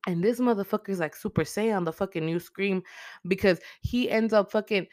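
A woman's voice: medium pitch, moderate pace, darkish tone, no room sound, studio quality. A woman hosting a casual movie recap, retelling the plot with constant swearing, fillers and emotional outbursts.

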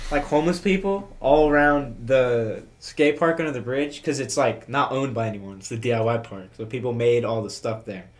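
Giggly young man in podcast banter. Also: medium pitch. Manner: giggly, joking. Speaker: podcast co-host. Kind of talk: casual chat.

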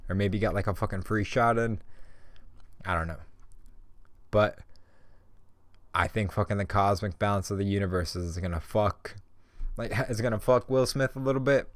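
A young male podcast host delivers a casual, heated, profane rant, swearing constantly and peppering his speech with "bro" and "like." His voice is on the low side at normal speed, with long pauses and no echo.

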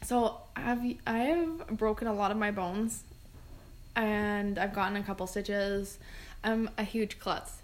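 A woman's voice: mid-range voice, a little slow. A young woman, a podcast co-host, telling casual stories in a rambling way, laughing often and filling her talk with "like". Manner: rambling, laughing, many fillers. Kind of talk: casual storytelling.

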